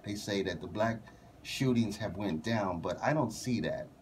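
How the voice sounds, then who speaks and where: A man's voice: on the low side, normal speed, a little hiss or hum. An American man hosting a casual radio interview, blunt and joking. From United States. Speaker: radio host.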